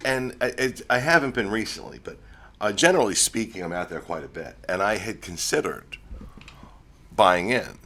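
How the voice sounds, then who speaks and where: Deep-voiced guy hosting a podcast, swoopy lively intonation. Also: moderate pace. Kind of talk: casual podcast chat.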